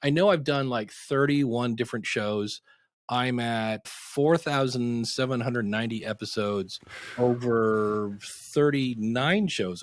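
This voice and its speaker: A middle-aged man, a podcasting teacher, telling anecdotes in a casual interview and acting out quotes with sudden pitch jumps. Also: no room sound.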